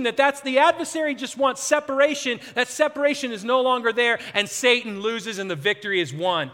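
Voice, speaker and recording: A middle-aged man preaching an Easter sermon as a pastor, telling a story earnestly and swinging between loud emphasis and hushed moments. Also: extremely high pitch. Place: large church hall with live band. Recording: reverberant hall with faint band music.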